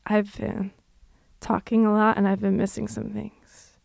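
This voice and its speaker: A young adult woman, a musician, chatting casually and reflectively on a livestream, with frequent fillers and soft laughs. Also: mid-range voice, flat delivery, a little slow, vocal fry, no echo, studio quality.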